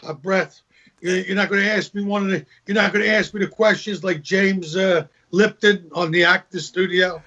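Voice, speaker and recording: Husky-voiced man, lo-fi call audio. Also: high voice, fairly even intonation, normal speed, sharp tone. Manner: storytelling, acts out joke voices, repeats words. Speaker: guest comedian. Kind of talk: casual video call interview. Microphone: video call. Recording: dull lo-fi video call audio.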